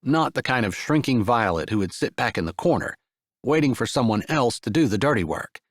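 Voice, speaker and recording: A man narrates a sweet romance audiobook, reading the script in a gentle, expressive storytelling style. His mid-range voice moves fairly quickly, and the recording is dry and studio quality.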